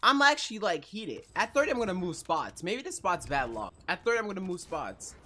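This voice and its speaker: A gaming YouTuber giving casual, slangy commentary, growing frustrated and excitable as it goes. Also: mid-range voice, a little fast, a little hiss or hum.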